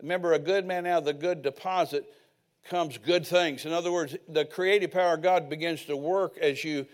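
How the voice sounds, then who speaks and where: Older guy preaching, chatty and folksy, voice sits a bit high. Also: steady tone, fairly quick. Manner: folksy storytelling preacher with asides. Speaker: pastor. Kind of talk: sermon.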